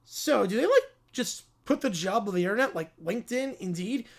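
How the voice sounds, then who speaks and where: A man with a high, creaky voice hosts a live sports reaction stream, his intonation lively and his speed normal. He's offhand as he reads viewer messages aloud and answers them.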